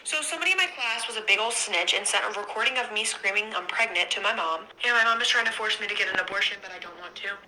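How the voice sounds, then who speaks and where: A young woman tells a personal story in a quick, casual monologue. Her voice is very bright and crisp, and she rushes through the retelling with plenty of "like". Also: medium pitch, slight background noise, low-quality recording. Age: young adult. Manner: rapid chatty retelling with frequent "like".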